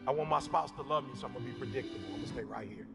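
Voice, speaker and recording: A man preaching an impassioned motivational sermon, shouting, repeating phrases and calling on his listeners. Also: mid-range voice, racing, creaky. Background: background music.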